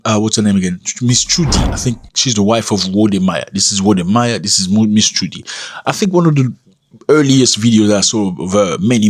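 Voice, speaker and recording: Husky man in animated commentary. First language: not English. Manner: animated, emphatic, swings up in pitch for emphasis. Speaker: commentary channel host. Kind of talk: casual commentary.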